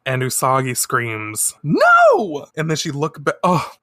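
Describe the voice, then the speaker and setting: A podcast co-host in casual chat, excitable and swearing, whose voice cracks when moved. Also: medium pitch, moderate pace, dry recording, clean studio sound. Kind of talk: casual chat recapping a comic.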